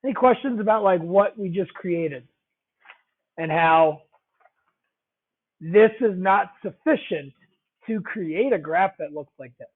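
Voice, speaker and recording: A man's voice: high voice, slow, pauses often, husky. A man teaching a math lesson, talking conversationally, repeating key phrases and checking in with the class. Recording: tinny phone-like audio.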